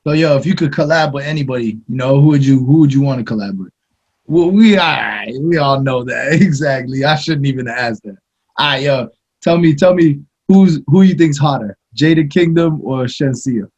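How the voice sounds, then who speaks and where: Husky-voiced man hosting an interview. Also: medium pitch, darkish tone, dull audio. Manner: friendly, eager, quick questions with "yo". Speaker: interview host, channel owner. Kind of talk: casual interview chat.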